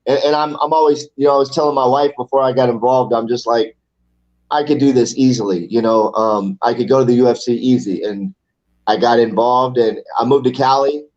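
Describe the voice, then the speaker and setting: A man in his forties chats loosely as an interview guest, rambling and swearing casually. His voice sits at an ordinary middle pitch. The recording is a bit dull and lo-fi. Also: steady tone, fairly quick, darkish tone. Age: 40s. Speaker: amateur MMA fighter, guest.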